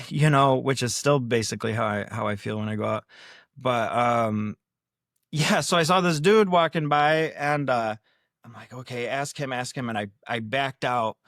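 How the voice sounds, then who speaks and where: The recording is dry and studio quality, and the man's medium-pitched voice sounds a bit bright. As a prank video creator appearing on a podcast, he tells a casual, rambling, self-deprecating story, acting out the quoted lines from himself and others.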